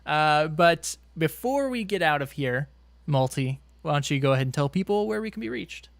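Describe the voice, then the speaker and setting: An upbeat man hosts a gaming podcast in a fairly high voice, moving the talk along quickly. He sounds close to the mic in a dry room. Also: animated, creaky, no room sound. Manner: upbeat, quick, laughs often. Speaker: podcast host. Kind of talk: casual podcast chat.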